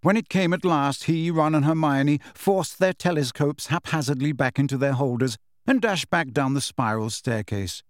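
A man narrating a story in a measured storytelling manner. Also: a little high, no room sound, clean studio sound. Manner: measured storytelling with shifting character voices. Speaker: audiobook narrator. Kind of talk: scripted narration.

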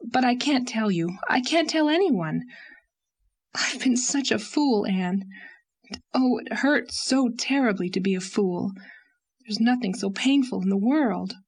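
A woman's voice: a little high, expressive, unhurried, breathy edge, voice pushed up, full character voice. Leslie, a woman voicing an anguished young woman. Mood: distraught. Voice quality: emotional, pleading delivery. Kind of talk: audiobook character voice.

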